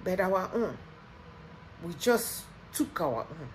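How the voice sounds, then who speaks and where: A woman's voice: lowish voice, very animated, slow pace, a little mellow, slight background noise, poor audio. A Nigerian woman delivering an impassioned political rant as a vlogger, heated and emphatic, repeating her points.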